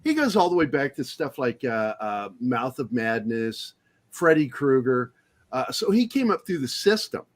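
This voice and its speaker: A male guest on a casual podcast who talks with a heated, rambling energy, full of swearing and restarts. His voice sits at an ordinary middle pitch. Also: very animated, normal speed. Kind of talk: casual movie-review chat.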